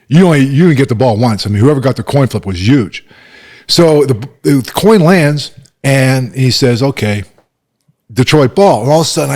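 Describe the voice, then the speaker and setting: A man in his sixties tells stories at a bar table, voice of middle height. He acts out every quote, jumping sharply higher whenever he replays what was said. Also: slightly rough. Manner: animated, acts out quotes with sharp rises in pitch. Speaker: guest, former football coach. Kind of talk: storytelling in casual chat.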